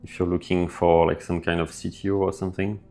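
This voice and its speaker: Laid-back low-voiced man streaming live. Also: a little fast, creaky, faint music behind. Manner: relaxed, thinks aloud with fillers, reads chat messages out. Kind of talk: casual live stream chat reading viewer comments.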